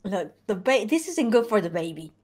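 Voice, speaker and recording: A woman playing a video game with a partner, excitable and bossy, shrieking and calling out commands. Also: medium pitch, moderate pace. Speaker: gaming co-host. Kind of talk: casual game commentary.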